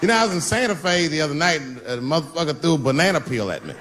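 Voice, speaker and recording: A man doing conversational stand-up on stage, relaxed and wry. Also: a little high, very fast. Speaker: stand-up comedian. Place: comedy stage before a large audience. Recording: loud crowd and noise on a live recording.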